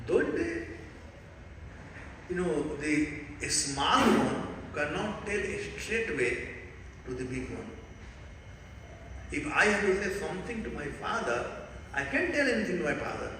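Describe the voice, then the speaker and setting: A North Indian man gives a sermon in a lively, storytelling way, his voice fairly high and bright with an edge. He is heard from a distance in a big hall with long echo and faint noise behind him. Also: measured pace, pauses often. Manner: animated storytelling, quizzing the audience. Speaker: preacher teaching a scripture class. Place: large temple hall. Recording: echoey hall recorded from far off.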